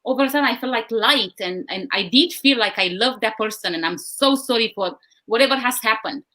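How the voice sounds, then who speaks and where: A guest speaker in a live discussion, this woman talks earnestly and often repeats words while she thinks. Her voice is on the high side and sharp in tone, delivered at a normal speed.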